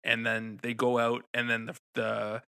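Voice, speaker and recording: A man co-hosting a casual podcast, telling stories with lively energy. His voice is bright and forceful, and he swears freely as he talks. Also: mid-range voice, measured pace, creaky, clear, resonant tone, no echo, studio quality. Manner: animated storyteller, swears freely. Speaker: podcast co-host.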